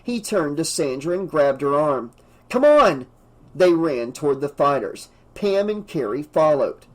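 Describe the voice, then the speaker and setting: A man narrating a teen horror audiobook with a somewhat high voice. He reads with dramatic expression and lifts his pitch and volume whenever a character shouts. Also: lively intonation, normal speed, rough recording. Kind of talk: unabridged audiobook reading.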